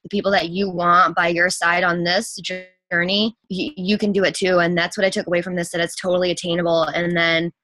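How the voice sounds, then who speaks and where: A young woman fitness coach giving a gushing, breathless testimonial, talking fast with lots of fillers. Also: lowish voice, flat delivery, pushed and bright. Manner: gushing, rapid, breathless with enthusiasm. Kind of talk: excited testimonial talk.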